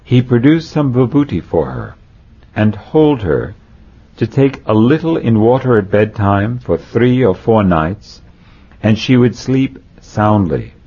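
A man slowly reading a spiritual memoir aloud, marking quotes as he goes. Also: on the low side, big pitch swings, breathy edge. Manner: slow, deliberate reading, says "quote" and "end quote". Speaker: narrator. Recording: dull lo-fi recording.

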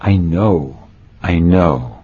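Guy voicing a serene soothing guru, super slow, low and mellow. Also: lively intonation, breathy edge, exaggerated voice. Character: serene, soothing male guru, calm and gentle. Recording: dull lo-fi recording.

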